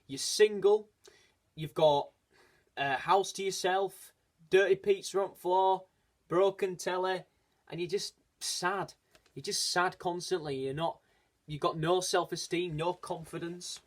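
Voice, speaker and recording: Speaking in a high, steady voice at a slightly slow pace, a man vlogs casually and earnestly. He is encouraging but hesitant and rambling, frequently restarting what he says in this personal vlog.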